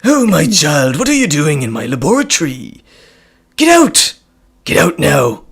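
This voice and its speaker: A man putting on a booming, theatrical villain who welcomes guests and shouts in anger. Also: wildly swooping pitch, a little fast, husky, full character voice. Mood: angry.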